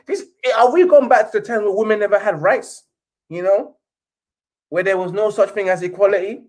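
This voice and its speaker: A British man with a high voice hosts a casual football live stream. He rants with sarcasm, slightly sniffly, and mocks quotes in a posh reading voice. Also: normal speed. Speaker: football channel host.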